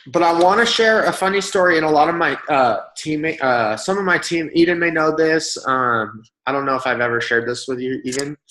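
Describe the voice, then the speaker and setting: A man speaking as a guest, telling stories in a casual, animated way and acting out other people's lines. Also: a little high, a little hiss or hum. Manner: animated, acts out quoted voices. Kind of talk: casual storytelling. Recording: roomy echo.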